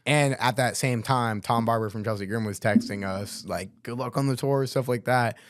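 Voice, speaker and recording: A man's voice: mid-range voice, moderate pace, no room sound, studio quality. A young man telling tour stories in a casual podcast chat, laid-back and slangy, with lots of "bro" and "like.". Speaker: guest vocalist.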